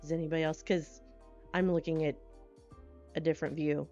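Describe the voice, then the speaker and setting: A woman streamer chatting casually with her live chat. She is bubbly and scattered, and she greets people with excited squeals. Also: low-pitched, fairly quick. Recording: dull lo-fi stream audio with faint music.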